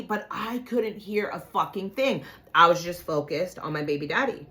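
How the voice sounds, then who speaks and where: A woman telling a personal story in a casual, animated way, swearing freely and talking straight to her listeners. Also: mid-range voice, normal speed. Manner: profane, animated, addresses listeners as "you guys".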